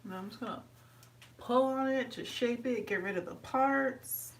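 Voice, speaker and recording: A woman vlogger chats casually while she does her hair, narrating the routine as she goes and switching to a high, sweet voice to talk to her dog. She speaks a little slowly, and the recording is rough, captured from a distance.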